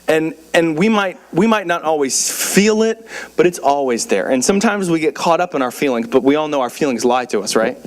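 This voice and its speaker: A man's voice: on the high side, lively intonation, brisk. A young man preaching a casual sermon in a church, with lots of fillers and repeated words. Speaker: pastor.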